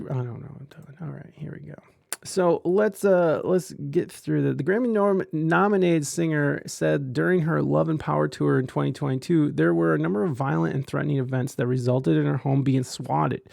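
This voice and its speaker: Casting: male podcast host, gravelly, slightly high voice, dry close mic, loose rambling delivery. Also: normal speed, darkish tone, no echo. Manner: rambling, stumbling restarts, crude jokes. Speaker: podcast host reading chat. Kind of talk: casual crude commentary.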